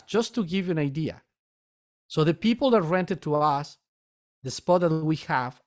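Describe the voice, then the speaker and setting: With a high voice, a man who teaches meditation and keeps a metaphysical store relates a personal tale. He is earnest, stops and starts, and tends to repeat his words.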